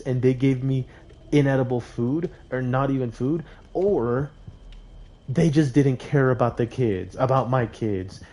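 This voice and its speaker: Young male streamer, mellow dark tone, rambling indignant storyteller who repeats lines for effect. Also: mid-range voice. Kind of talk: casual storytelling on a livestream.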